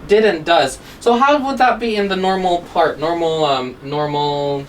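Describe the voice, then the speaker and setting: A woman's voice: lowish voice, measured pace. Woman teacher, distant mic, "okay?" tags. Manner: checks in constantly with "okay?" and "right?". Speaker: English teacher. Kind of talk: grammar lesson, explaining. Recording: distant mic with faint room noise.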